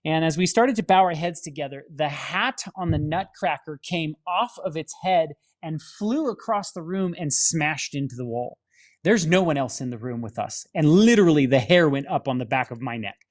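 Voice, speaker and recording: A man's voice: fairly high pitch, animated, moderate pace. A man, a film studio director, telling his personal faith testimony in an earnest storytelling manner, often restarting his sentences. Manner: earnest storytelling with many restarts and dramatic acted-out quotes.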